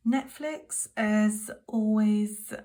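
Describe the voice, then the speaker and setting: A woman in her thirties from the UK, chatting casually through her monthly bills at home, talking in a hushed, half-whispered voice because her daughter sleeps next door. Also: medium pitch, extremely slow. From United Kingdom. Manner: chatty, talks straight to viewers as "guys"; speaks softly, half-whispering so a child can sleep. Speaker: budgeting vlogger. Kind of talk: casual monthly budget walkthrough.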